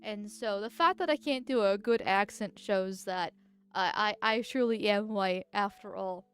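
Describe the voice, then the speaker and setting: A medium-pitched, fairly bright voice comes through the voice changer at a slightly slow pace. The political vtuber streamer is chatting casually, reading chat, rambling and giggling, and restarting often.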